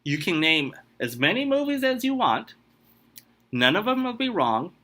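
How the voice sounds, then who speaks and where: Lively bright-voiced man hosting a quiz. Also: sits high, normal speed. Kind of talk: casual podcast quiz game.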